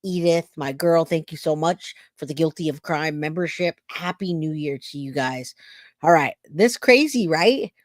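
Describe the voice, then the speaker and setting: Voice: mid-range voice, moderate pace, no room sound, clean studio sound. A true crime channel host talking casually to viewers, reacting to archive audio and addressing them as "you guys".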